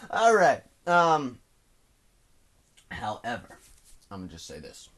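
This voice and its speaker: A man's voice: fairly low pitch, wildly swooping pitch, moderate pace, slightly rough. Rambling teen guy, solo podcast at home. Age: teens. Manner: rambling, restless, self-mocking, swings loud and quiet. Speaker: podcast host. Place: at home indoors.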